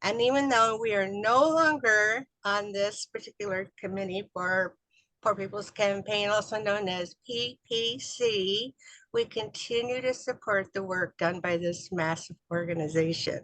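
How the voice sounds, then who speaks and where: A woman's voice: medium pitch, measured pace, fairly bright tone, dry recording, poor audio. Earnest woman co-host reading an intro.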